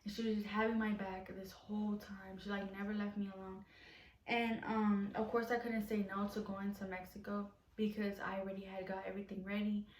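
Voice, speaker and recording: A woman's voice: mid-range voice, flat delivery, brisk, distant mic, slight background noise. A young adult woman telling a personal story in a casual vlog, rambling with lots of fillers. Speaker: vlogger. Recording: roomy echo, off from mic.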